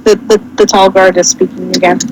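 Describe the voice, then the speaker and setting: A woman's voice: mid-range voice, little pitch movement, a little fast, slight background noise, rough recording. Woman, co-host, casual read-aloud, stumbles, self-corrects, comedic. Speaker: co-host reading a fanfic aloud.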